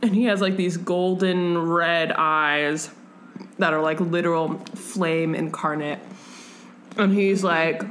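A young woman in casual podcast chat, retelling a story with big animated reactions. She slips into quick character voices and curses casually. A faint hiss sits under her voice. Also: fairly low pitch. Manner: swearing, lots of "like". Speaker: podcast co-host.

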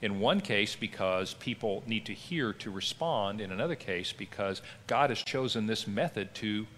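A man's voice: lowish voice, expressive, moderate pace, fairly bright tone, in a large hall, slight background noise. A middle-aged man, a pastor teaching a Bible class in a conversational, emphatic way. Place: church classroom.

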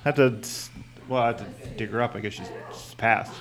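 A father hosting a silly family podcast, teasing and joking with his guests and laughing often. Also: brisk. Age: adult parent. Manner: goofy, teasing, laughs often, swoops up high in mock surprise. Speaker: podcast host interviewing kids' characters. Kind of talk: playful comedic podcast chat.

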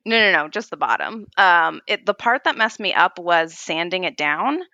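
Bright, laughing young woman guest. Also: on the low side, lively intonation, normal speed, dry recording, highs cut off. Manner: laughing, storytelling, acts out her own past remarks. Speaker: guest reseller. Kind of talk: casual interview chat.

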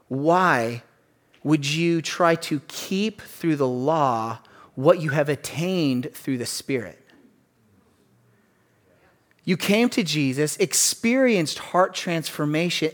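A man delivers a relaxed, conversational sermon, reading scripture and breaking off into jokes and asides. His voice sits a bit high for a man, and his delivery is lively. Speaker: pastor.

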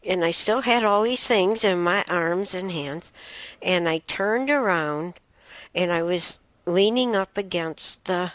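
A woman hosting a show, telling childhood stories casually, chatty and unhurried with restarts and fillers. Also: fairly low pitch, fairly bright tone, no room sound. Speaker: host. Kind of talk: casual storytelling.

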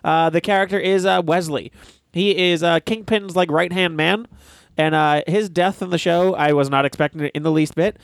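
A podcast co-host with a gravelly, slightly raised voice rambles through a story. He swears often and leans on fillers. The recording is dry. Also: on the high side, fairly even intonation, moderate pace, no room sound. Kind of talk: casual chat.

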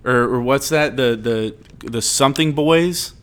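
Man, casual rambling storyteller, animated, swears a lot, mid-pitched voice. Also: a little slow, clear, resonant tone.

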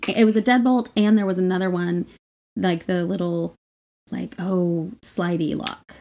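A woman's voice: lowish voice, fairly even intonation, measured pace, dark tone. A woman co-hosting a podcast, telling stories in casual chat, blunt and profane with frequent laughs. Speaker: podcast co-host.

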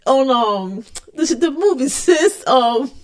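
A woman's voice: high-pitched, expressive, slow pace. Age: unknown. Sex: woman. Role: podcast co-host. Style: casual chat, laughing often, teasing, tripping over and repeating words.

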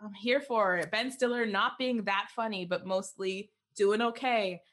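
A young adult woman co-hosting a podcast in casual chat, animated and quick to laugh, with plenty of fillers. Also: mid-range voice. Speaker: podcast co-host.

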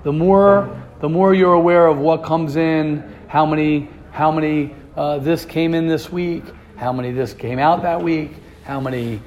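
A man with a high, light voice leads an informal Torah class. He talks in a loose, conversational way, stacks rhetorical questions one after another and often restarts his sentences. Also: fairly even intonation, a little slow, hardly any pauses, a little mellow.

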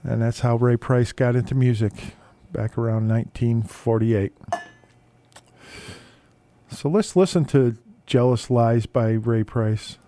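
A man hosting a radio music show, telling stories between records in a relaxed, halting way with many fillers. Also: mid-range voice, a little hiss or hum.

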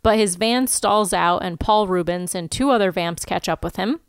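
A woman's voice: medium pitch, moderate pace, clean tone, no echo, clean studio sound. A woman co-hosting a podcast, casually recapping a movie's plot and giggling often. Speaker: podcast co-host.

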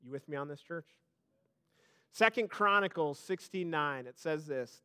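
A male pastor preaching a sermon, emphatic and direct with the congregation, swelling to loud peaks and dropping back soft, often repeating his words. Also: fairly high pitch, lively intonation, measured pace, clean tone.

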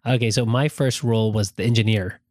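Fast-talking animated man in casual chat. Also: on the low side. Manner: animated storyteller who acts out quotes.

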